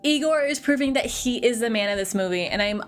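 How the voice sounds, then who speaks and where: A young woman with a slightly high voice gushes through a casual film review, animated and a little fast. She's chatty and leans heavily on "like," with faint music behind her.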